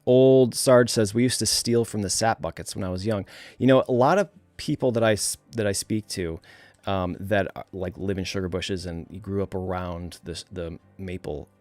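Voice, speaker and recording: Man, New England accent, very low voice, casual livestream chat, soft music behind. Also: moderate pace, no echo. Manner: relaxed, chatty, laughs often, many fillers. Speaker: livestream host.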